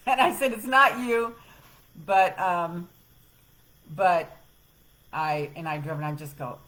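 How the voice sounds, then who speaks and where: A woman's voice: fairly low pitch, slow, pauses often, a bit bright, rough recording. A middle-aged woman hosting a live self-help show, rambling casually through a personal story with laughs and the odd swear word. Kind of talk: rambling casual chat with viewers.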